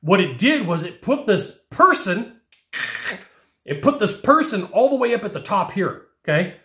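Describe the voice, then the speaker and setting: A man teaching technicians about sales in a lively monologue, acting out whiny customer voices along the way. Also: high-pitched, normal speed, reverberant. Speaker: sales trainer.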